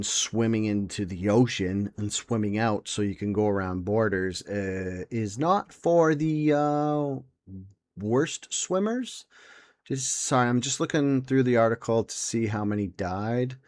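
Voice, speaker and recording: A young man hosting a podcast in casual chat, rambling and sarcastic, swearing and mimicking people in silly voices. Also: medium pitch. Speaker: podcast host.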